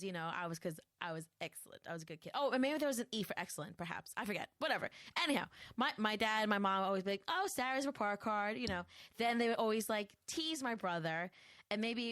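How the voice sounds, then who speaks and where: A woman's voice: mid-range voice, fast, dry recording, studio quality. A woman co-hosting a podcast, chatting casually and playfully acting out her family's voices. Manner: animated, playful, acts out family members' voices. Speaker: podcast co-host. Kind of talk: casual chat.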